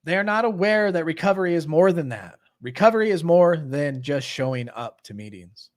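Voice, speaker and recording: A middle-aged man hosts a recovery live stream in a casual, earnest way, reading a passage aloud and then explaining it in plain words. His voice sits a little high for a man. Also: big pitch swings, moderate pace.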